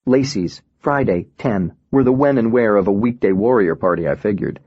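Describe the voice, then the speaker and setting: A man narrating an audiobook in the first person with a steady, reflective reading. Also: fairly low pitch, normal speed, slightly rough, no echo, highs cut off.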